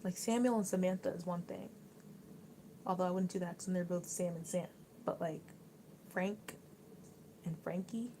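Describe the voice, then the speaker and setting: Chatty young woman livestreaming, mellow tone. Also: fairly low pitch, fairly even intonation, fairly quick, slight background noise, poor audio. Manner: rambling and chatty, with many likes and restarts. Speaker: livestream host. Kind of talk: casual chat reading viewer comments.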